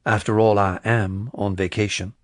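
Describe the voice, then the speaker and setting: A man voicing a calm, refined FBI agent who speaks in a lazy drawl. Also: fairly low pitch, normal speed, dry recording, studio quality, close to an everyday voice. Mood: languid.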